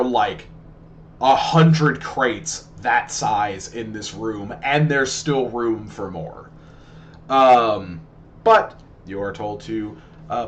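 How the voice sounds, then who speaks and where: A man's voice: mid-range voice, a little hiss or hum. Man narrating as game master. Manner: halting, many fillers and restarts.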